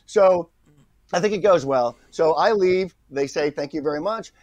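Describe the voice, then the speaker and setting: This is a middle-aged man, a guest actor, animatedly telling an anecdote and voicing its characters himself. His pitch is fairly high and his pace moderate, and the audio sounds dull but has no echo.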